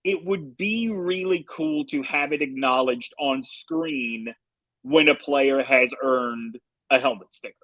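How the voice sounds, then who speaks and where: A man's voice: medium pitch, slow pace, a bit bright, dry recording, dull audio. Playful man riffing on a podcast. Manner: playful, laughing, riffs on jokes. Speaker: podcast co-host. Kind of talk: casual chat.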